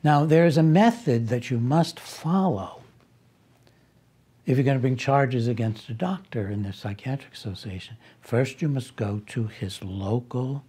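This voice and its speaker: A man's voice: mid-range voice, dark tone, breathy edge. A man telling a personal story in a conversational way, with wry asides and restarts. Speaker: speaker recounting a personal conflict.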